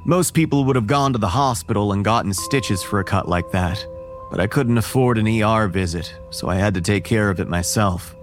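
A man narrating a first-person horror story in a measured, wary tone. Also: lowish voice, over music.

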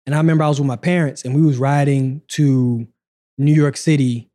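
A man in his forties, hosting a podcast and casually telling his life story in a relaxed, conversational way. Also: medium pitch, fairly quick. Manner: relaxed, conversational, acts out quoted dialogue.

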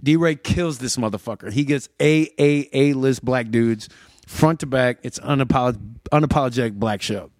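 A man, a comedy producer and comedian, in casual podcast chat, telling animated stories with a lot of swearing. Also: mid-range voice, normal speed, no echo, studio quality. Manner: profane, animated storyteller.

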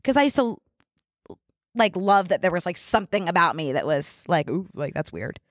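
A woman's voice: lowish voice, lively intonation, normal speed, no room sound, clean studio sound. A woman in her twenties, from the Philadelphia area, co-hosting a podcast in casual chat, full of "like" fillers. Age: 20s. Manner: chatty, lots of fillers like "like". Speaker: podcast co-host. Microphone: studio mic.

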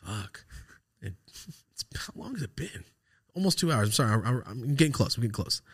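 A man's voice: medium pitch, sing-song, brisk, slightly rough, no room sound, clean studio sound. A man hosting a podcast, telling a rambling personal story in casual, profane talk and acting out the texts he quotes. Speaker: podcast host.

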